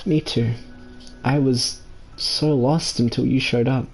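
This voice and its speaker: A man reading the lines of a warm, reassuring schoolgirl club president in a soft, tender voice. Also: mid-range voice, steady tone, takes it slowly, gravelly, faint music behind.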